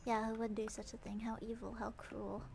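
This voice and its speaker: A woman's voice: on the high side, little pitch movement, brisk, gravelly, heavy background noise. A woman streamer chatting playfully while gaming, repeating phrases with exaggerated emphasis. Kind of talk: casual game livestream chatter.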